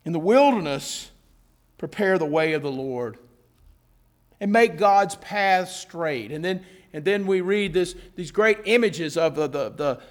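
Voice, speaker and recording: A man's voice: fairly high pitch, expressive, a little slow. A male pastor preaching a sermon, earnest, stretching key words for emphasis, repeating phrases, and dropping in casual asides. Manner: informal asides with a self-correcting laugh.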